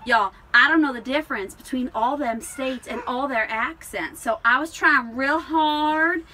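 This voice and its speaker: Bright-voiced chatty woman. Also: high voice, measured pace, slight background noise, rough recording. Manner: chatty, laughs often, storytelling. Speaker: podcast co-host, alpaca farmer. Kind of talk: casual chat.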